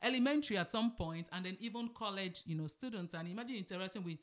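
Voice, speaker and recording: A woman's voice: medium pitch, lively intonation, quick pace. A woman from Nigeria in her thirties with a Nigerian accent, chatting casually as a podcast co-host and telling stories, laughing often and slipping into pidgin. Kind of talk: casual chat.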